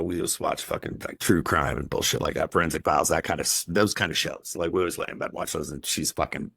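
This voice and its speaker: A man's voice: low voice, gravelly, a bit bright, dry recording. A man as a podcast guest, telling his personal story in a raw, emotional way and swearing heavily.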